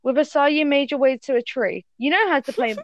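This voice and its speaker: A woman's voice: sits high, a little fast, dull audio. A woman reading fan fiction aloud to friends in a casual call, often stumbling and correcting herself.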